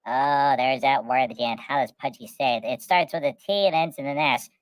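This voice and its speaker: A woman's voice: rumbling low, moderate pace, dry recording. A woman hosting a podcast, telling a rambling comic story, repeating words and speaking of herself in the third person. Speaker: podcast host.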